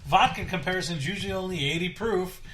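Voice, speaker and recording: A man's voice: high-pitched, fast talker, pushed and bright, reverberant, a little hiss or hum. A man co-hosting a beer podcast, loosely presenting a fact of the day with easy laughs. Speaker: podcast co-host presenting facts. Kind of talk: casual beer review chat.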